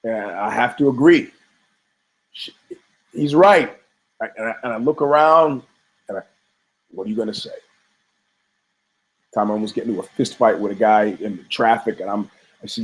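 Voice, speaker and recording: A man's voice: lowish voice, normal speed, long pauses, rough recording. A man hosting a fight podcast, rambling through profane stories and asides with frequent restarts. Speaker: podcast host. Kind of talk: rambling casual commentary.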